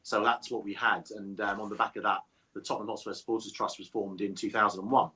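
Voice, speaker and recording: Low bright-voiced man, measured. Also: level tone. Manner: measured, repeats words as he thinks. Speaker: supporters trust chairman. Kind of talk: casual interview answers.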